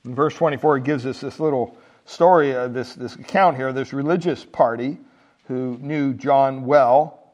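A man's voice: medium pitch, moderate pace, muffled recording. A man preaching a sermon as pastor, telling stories and building to emphatic peaks. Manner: animated storytelling, rising to emphatic peaks.

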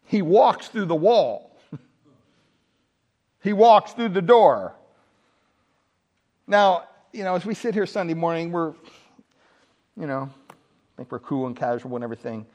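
High-voiced, animated male preacher. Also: measured pace, long pauses, dull audio. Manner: animated, humorous, rhetorical questions. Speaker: pastor. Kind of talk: sermon.

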